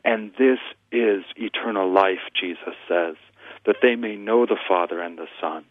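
A man's voice: on the low side, a little slow, no room sound. A man, a pastor and guest on a radio show, earnestly teaching scripture and quoting verses at length. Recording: tinny phone line, dry.

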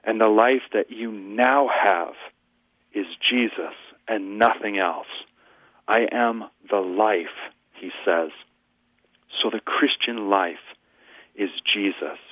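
A man's voice: on the low side, slow, long pauses, dry recording. A man, a pastor and guest on a radio show, earnestly teaching scripture and quoting verses at length. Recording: tinny phone line, dry.

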